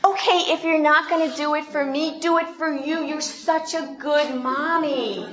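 A young child wheedling a parent for a toy, as a woman puts it on; high, whiny, pleading, slow, dull recording. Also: fairly even intonation, a bit bright.

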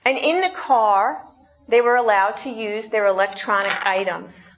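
A woman's voice: fairly high pitch, a little slow, fairly bright tone, highs cut off, a little hiss or hum. A woman pastor preaching a conversational sermon, putting questions to the congregation.

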